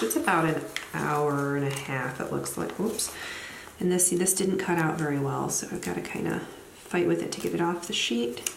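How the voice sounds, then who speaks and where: A woman's voice: lowish voice, vocal fry, background noise. Chatty woman in an echoey room. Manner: chatty, thinks aloud, self-deprecating asides. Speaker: planner vlogger; teacher. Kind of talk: casual plan-with-me narration while decorating.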